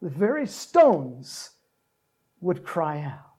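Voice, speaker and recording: A man preaching a sermon, joking with the congregation and breaking into loud shouts to act out cheering crowds. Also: a little high, sing-song, very slow. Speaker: pastor.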